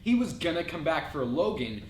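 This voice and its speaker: A man's voice: big pitch swings, normal speed. A man as guest co-reviewer in a casual chat, enthusiastic and full of trivia. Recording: echoey room with faint rumble.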